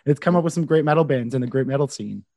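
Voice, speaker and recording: A man's voice: medium pitch, fast, warm tone, dry recording. Upbeat Canadian podcast host man. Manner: upbeat, chatty, lots of fillers. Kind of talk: podcast intro and interview.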